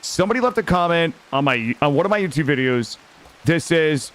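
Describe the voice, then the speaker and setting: A man streaming a game live, talking casually to his chat in an excitable, slangy way and swearing freely. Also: fairly high pitch, fairly quick.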